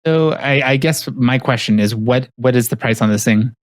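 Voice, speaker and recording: A man hosting a casual tech podcast, talking in quick runs with restarts and fillers. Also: medium pitch, dry recording. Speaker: podcast host.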